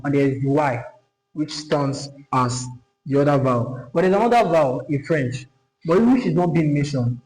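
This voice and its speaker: A man teaching a lesson at a board, speaking slowly and repeating himself, often checking that his listeners follow. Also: a little high, animated, a little mellow. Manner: slow, repetitive, checks understanding. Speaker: French teacher. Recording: echoey room.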